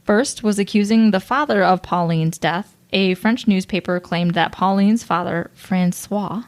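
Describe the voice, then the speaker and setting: A woman's voice: medium pitch, unhurried. A woman co-hosting a podcast, telling a true-crime case in casual chat from her notes, with hesitant fillers and a playful tone. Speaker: podcast co-host.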